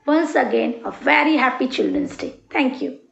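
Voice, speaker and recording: High-voiced Indian English teacher singing. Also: female voice, gravelly. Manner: sing-song, slow and cheerful for young children. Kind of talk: singing a children's action song. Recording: echoey room, slightly dull sound.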